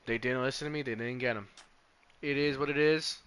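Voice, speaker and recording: A man's voice: medium pitch, steady tone, fairly quick, fairly bright tone, slight background noise. Profane rambling young male streamer. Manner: profane, rambling, self-interrupting. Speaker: live streamer. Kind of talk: casual live-stream chat about football.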